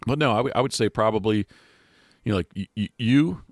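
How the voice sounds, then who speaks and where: Male podcast host, deep and dry-miked, loose rambling chat full of restarts. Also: a little fast, dry recording. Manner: rambling, many restarts and fillers. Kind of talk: casual chat. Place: outdoors.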